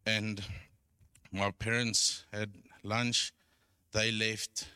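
A middle-aged man sharing an earnest personal church testimony, halting with restarts. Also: lowish voice, level tone, pushed and bright, smooth, dry recording, studio quality.

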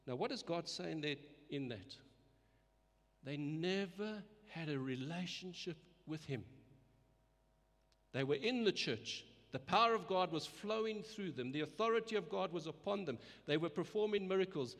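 A man's voice: a little high, animated, normal speed, a bit bright. A man preaching a sermon in an earnest way, often repeating words and letting his voice rise and fall for emphasis. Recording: long reverb of a hall.

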